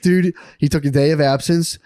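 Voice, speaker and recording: A man's voice: fairly high pitch, normal speed, dry recording. Male podcast co-host with a dry, close sound, spinning a wild story with lots of swearing and bursts of laughter. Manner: excited, profane, laughing storyteller acting out quotes. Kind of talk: casual storytelling chat.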